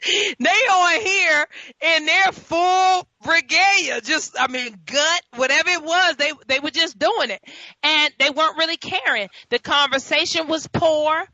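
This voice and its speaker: A New York woman hosts a talk show, telling stories in casual chat with animated, laughing asides. Her high voice is unhurried, with no room sound, though the audio is dull and lo-fi.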